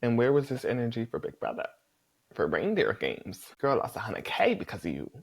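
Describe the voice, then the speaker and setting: A man recapping a reality competition episode in a sassy, animated, chatty way, swearing freely and calling people "girl". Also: medium pitch, a little fast, creaky, husky. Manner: chatty, talks straight to the viewer, fillers like "girl" and "like". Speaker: reality show contestant recapping his season.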